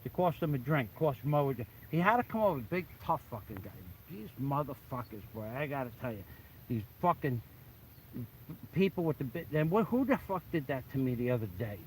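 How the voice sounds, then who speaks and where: A man telling a story from his past in a blunt, animated way, swearing constantly and often restarting his sentences. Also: medium pitch, a little fast, slight background noise, rough recording. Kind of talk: casual profane storytelling. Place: the Philippines.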